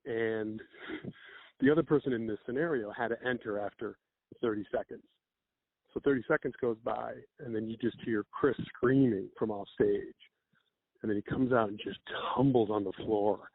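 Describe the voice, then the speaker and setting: Husky man telling improv stories. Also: lowish voice, dry recording. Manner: animated storyteller with quick acted-out quotes. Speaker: guest, improv comedian and teacher. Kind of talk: casual storytelling chat. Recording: dry, phone-like narrow sound.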